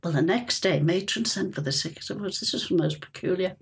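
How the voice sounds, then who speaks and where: An older woman from Liverpool recalls her nursing days in a chatty storyteller's manner. Her voice sits low and has a gravelly texture with a husky edge. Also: fairly quick. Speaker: retired nurse, interviewee. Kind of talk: oral history interview, storytelling.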